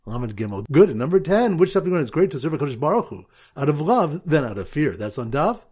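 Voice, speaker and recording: Man, rabbi, Talmud lesson, sing-song reading, slightly high voice, breathy edge. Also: fast talker. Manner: lively teaching voice, sing-song Aramaic reading. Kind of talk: Talmud lesson with memory aids and a quiz.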